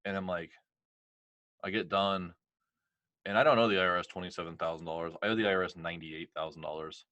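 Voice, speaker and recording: Deep-voiced man telling a story. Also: fast, no echo, dull audio. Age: middle-aged. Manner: animated, heavy on "like" and quoted dialogue. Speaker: podcast guest. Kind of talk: casual storytelling interview.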